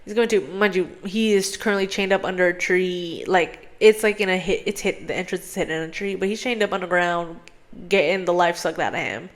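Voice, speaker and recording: On her podcast, a young woman with a lowish voice speaks fairly quickly as she recounts a movie's story. Her telling is rambling and packed with "like" and frequent swearing, and she animatedly performs the characters' lines.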